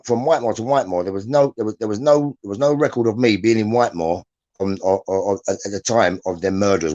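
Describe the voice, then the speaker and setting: A man's voice: lowish voice, a little mellow, muffled recording. A man, telling prison stories in casual chat, rambling and restarting, often tagging lines with "yeah?". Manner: rambling, repeats words, restarts, "yeah?" tags. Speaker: guest, former prisoner.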